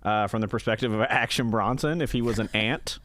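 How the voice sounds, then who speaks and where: A man's voice: mid-range voice, brisk, fairly bright tone. A man from the Florida Panhandle with a Southern American accent, a podcast producer chatting offhandedly. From Florida Panhandle, USA. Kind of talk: casual chat.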